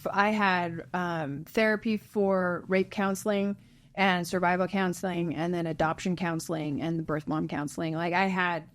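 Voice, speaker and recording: A woman, a guest on an interview, telling her own emotional story in an earnest, halting way, her voice sinking low at the hardest parts. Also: fairly even intonation. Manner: earnest, halting, voice dropping low at hard moments. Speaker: interview guest, birth mother.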